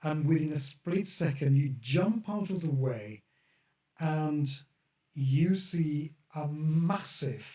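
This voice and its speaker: A man narrating as game master of a tabletop horror game, in a slow, descriptive, halting way. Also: fairly high pitch, mellow. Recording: roomy echo, from a distance.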